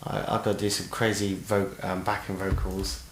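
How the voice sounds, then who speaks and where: A man with a very low voice chats casually and eagerly about music, now and then letting a swear word slip. The room is echoey, and faint background noise sits under his voice. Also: flat delivery, moderate pace. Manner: chatty, enthusiastic, swears casually. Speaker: podcast co-host, guitarist and singer. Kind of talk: casual chat.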